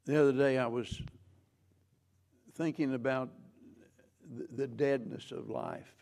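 Slow gravelly man preaching. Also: medium pitch, steady tone, a little mellow. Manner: slow, measured preaching with frequent restarts. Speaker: pastor. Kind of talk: sermon.

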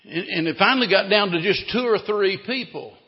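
A man preaching a sermon in a church, telling a story dramatically and swinging between loud and hushed delivery. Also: high voice, fairly quick. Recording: dull recording, long hall reverb.

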